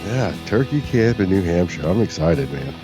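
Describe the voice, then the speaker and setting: A man's voice: sits low, very animated, moderate pace, music in the background. A man co-hosting a podcast from his studio, chatting in a laid-back, agreeable way. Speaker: podcast co-host. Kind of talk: casual podcast chat. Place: home studio.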